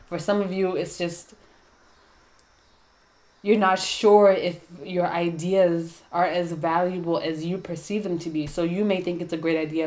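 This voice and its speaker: A woman giving a casual tarot and astrology reading, chatty and thinking aloud, often checking in with "right?". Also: lowish voice. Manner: lists keyword traits in a slow steady run. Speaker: tarot reader.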